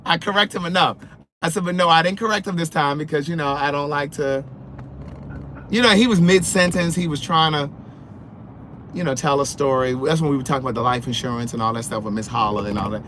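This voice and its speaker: Man, fairly high voice, animated and sassy, sleepy, talking in a car, road noise behind. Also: fast. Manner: animated and sassy, answering live comments. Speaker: vlogger. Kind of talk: casual chat while driving.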